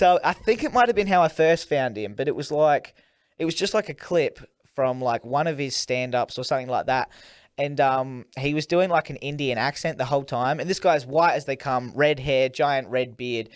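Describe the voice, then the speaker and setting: A man's voice: mid-range voice, moderate pace, no room sound. Sweary young man, dry sound. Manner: laid-back, sweary, laughs often. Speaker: podcast co-host. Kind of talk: casual chat.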